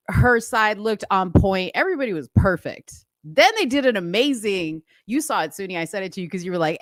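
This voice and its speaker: A woman's voice: mid-range voice, no room sound, clean studio sound. A woman co-hosting a podcast, telling a story in a chatty, gushing way and saying "like" often. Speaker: podcast co-host. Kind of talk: casual chat.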